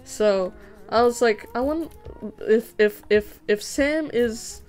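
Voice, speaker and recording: A young woman streaming as she animates, chatting casually in a rambling, excitable way and laughing often. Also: a little high, slow. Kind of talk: casual chat while drawing on stream.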